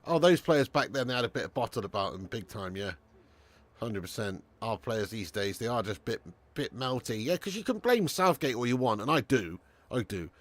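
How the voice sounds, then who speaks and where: A man's voice: mid-range voice, moderate pace. A young man chatting through a live football watch-along, swearing, bantering and reading viewer comments aloud. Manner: animated, sweary banter, reads chat aloud.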